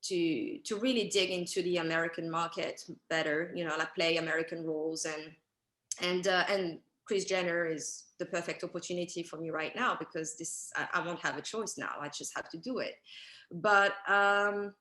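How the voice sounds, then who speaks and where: A woman's voice: fairly low pitch, fairly even intonation, moderate pace, bright, forceful tone, roomy sound. A woman from France and Italy with a French accent, an actress talking hesitantly as a guest in an interview. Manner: hesitant, with restarts and fillers. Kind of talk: interview conversation.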